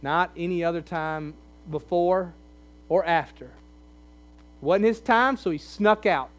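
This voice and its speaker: A man's voice: high voice, slow. A man preaching a sermon, conversational and emphatic as he reads and explains scripture. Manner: conversational, emphatic, pleading in places.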